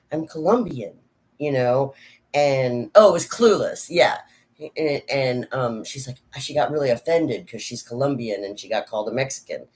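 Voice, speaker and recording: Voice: medium pitch, darkish tone. A vlogger and actor chatting casually to camera, meandering from thought to thought with frequent restarts and fillers. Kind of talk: casual rambling chat to camera.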